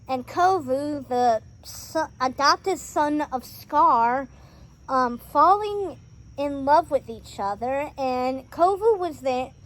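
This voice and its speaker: Female host, high pitch, casual outdoor film-review vlog, rambly and excitable, lots of ums. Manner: excitable and rambling, with many fillers and restarts. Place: outdoors on a home driveway.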